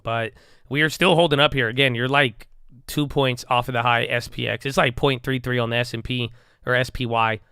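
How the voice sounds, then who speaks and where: A man chatting loosely through a live trading session, rambling and mumbling in slang. His voice is bright and smooth, and the recording is close and dry. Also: medium pitch, fairly even intonation, a little fast, no echo. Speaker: stock-trading streamer. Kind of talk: casual live market commentary.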